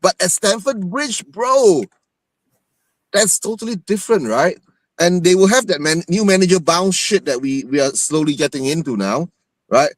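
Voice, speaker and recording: A man's voice: sits high, normal speed, no room sound. A man talking football as a panelist, ending nearly every phrase with a questioning right?.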